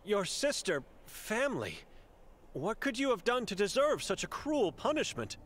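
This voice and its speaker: A man's voice: high-pitched, sing-song, normal speed, fairly bright tone, slight background noise. An actor playing a monk from Hungary who searches for his missing sister, asking polite, anxious questions. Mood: pleading.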